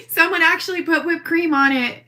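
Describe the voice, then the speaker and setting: A woman with a high, sharp voice rants defiantly into a video she's filming herself. The social media poster keeps it brash and profane as she rambles on.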